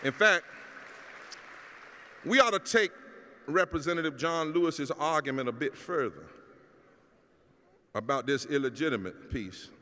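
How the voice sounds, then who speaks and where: A middle-aged man, a pastor giving a keynote address, preaching in a rousing cadence that climbs to shouts. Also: a little high, lively intonation, measured pace, pauses often, a faint crowd. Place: large hall at a public celebration. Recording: long hall reverb.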